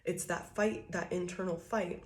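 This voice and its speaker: A woman's voice: fairly low pitch, steady tone, a little slow, a little hiss or hum. A woman giving a casual tarot reading, talking loosely and profanely, laughing often and acting out quoted thoughts. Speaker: tarot reader.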